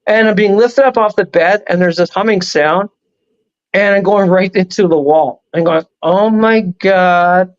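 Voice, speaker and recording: Guy with a high voice rambling through a wild story, dull lo-fi sound. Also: moderate pace. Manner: animated, rambling storyteller with laughs. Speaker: guest. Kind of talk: casual storytelling on a talk show.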